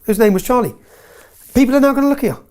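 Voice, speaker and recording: A man's voice: very high voice, very fast, darkish tone. A man telling stories with emphasis as an interview guest, often tagging his points with "yeah?". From England. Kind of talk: heated interview storytelling.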